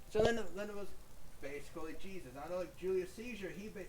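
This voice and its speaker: High-voiced man rambling chattily. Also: lively intonation, fast, a little mellow, slight background noise. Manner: rambling, chatty, many fillers and restarts. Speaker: YouTube creator. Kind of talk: casual storytelling monologue. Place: at home.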